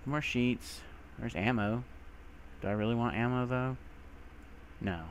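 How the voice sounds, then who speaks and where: A young man giving let's play commentary, talking to himself and breaking into panicked shouts, over faint game music. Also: medium pitch, measured pace, slight background noise. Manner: jumpy, talks to himself, bursts into panicked shouts. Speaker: gaming video creator.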